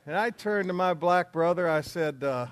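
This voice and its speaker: A man's voice: high-pitched, moderate pace, no echo. Earnest man preaching to a men's group. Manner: earnest, emphatic preaching with asides.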